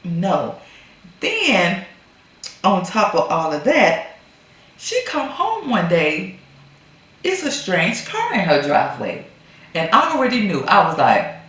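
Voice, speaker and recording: A woman casually recaps a film, acting out each character's lines. Her pitch swings widely while her pace stays unhurried. The voice rings in a very echoey room. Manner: animated storytelling, acts out characters' lines. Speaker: movie reviewer.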